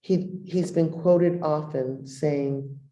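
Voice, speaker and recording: A middle-aged woman, a meditation teacher, giving a dharma talk and softly guiding a meditation with long pauses. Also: low-pitched, steady tone. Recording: roomy echo.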